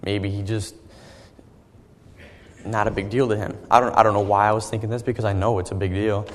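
A young man giving an earnest personal testimony as a sermon, halting and often repeating his words. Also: lowish voice, level tone, in a large hall, a little hiss or hum. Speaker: young preacher.

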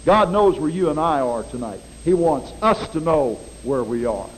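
A middle-aged man preaching a sermon in a folksy, animated way, with dramatic swings in his voice. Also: on the high side, moderate pace, rough recording.

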